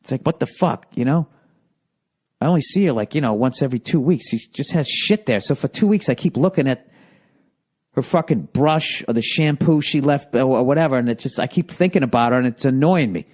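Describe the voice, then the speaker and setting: A man's voice: mid-range voice, fairly quick. A man telling profane, rambling stories on a podcast and acting out the people in them. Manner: profane, animated, acts out quoted voices. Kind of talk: podcast storytelling, rambling monologue.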